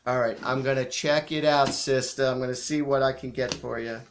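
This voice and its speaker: A man hosting a live psychic show, chatty and animated as he tells stories and acts out quotes, a bit sniffly from allergies. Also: mid-range voice, a little fast, noisy background. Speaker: psychic medium host. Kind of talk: casual live-stream storytelling.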